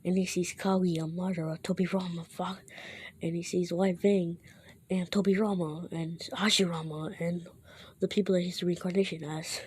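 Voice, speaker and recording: A woman retells a fan story in a loose, rambling way, often stopping to correct herself. Her voice is mellow and a little low. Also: little pitch movement, moderate pace, slightly rough.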